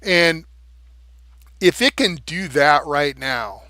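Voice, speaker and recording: Bright-voiced man ranting on a livestream. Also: fairly high pitch, takes it slowly, dry recording. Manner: animated, profane, explains with rhythm syllables. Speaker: live streamer. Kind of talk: casual livestream monologue.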